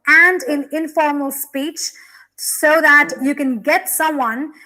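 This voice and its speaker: A woman's voice: high-pitched, fairly even intonation, slow pace, sharp tone, low-quality recording. A young woman teacher explaining English grammar in a classroom lesson, with frequent "okay" and "you know" fillers.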